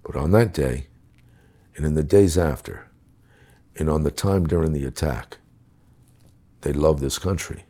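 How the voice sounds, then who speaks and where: A man's voice: rumbling low, measured pace, pauses often, mellow, husky. A middle-aged man telling a story in conversation, blunt, emphatic and full of swearing. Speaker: guest recounting his time as a police official.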